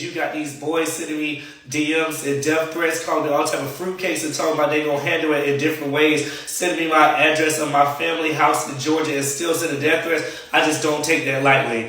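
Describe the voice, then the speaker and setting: A man's voice: fairly high pitch, pushed and bright. Defiant man, far off and echoey. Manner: firm, defiant, indignant. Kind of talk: addressing someone directly on camera. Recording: clip played back, far and echoey.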